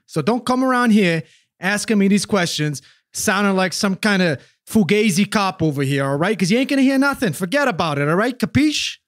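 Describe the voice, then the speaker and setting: A man's voice: high voice, brisk, dry recording, studio quality. A man voicing a tough-talking New Jersey wise guy witness with a streetwise, swearing manner and a New Jersey accent. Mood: defiant. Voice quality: brash, streetwise, swears, rising excited outbursts.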